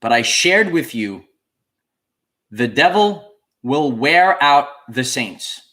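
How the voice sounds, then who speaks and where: A man's voice: medium pitch, very animated, takes it slowly, bright, forceful tone. A man hosting a spiritual livestream, talking to his viewers and repeating key phrases with preacher-like emphasis. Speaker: channel host.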